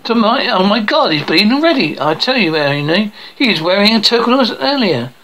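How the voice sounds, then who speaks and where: A bright, crisp-edged voice reads through a cartoon episode scene by scene. Character dialogue and spoken sound captions run together, broken by clipped words and restarts. The pitch sits in the middle range. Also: very animated, moderate pace, slight background noise, low-quality recording. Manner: jumps between characters' lines and caption readouts.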